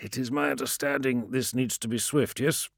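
A man's voice: medium pitch, normal speed, vocal fry, no echo, studio quality, voice pushed up. A man voicing a male swordsman adept who speaks precisely and intones like a ritual chant, in an audiobook. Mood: intoning.

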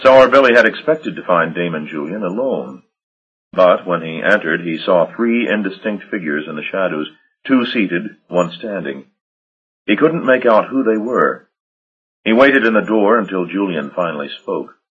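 A man narrating an audiobook in a measured, dramatic storytelling manner. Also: deep voice, lively intonation, breathy edge. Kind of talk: scripted narration. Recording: dull lo-fi audio.

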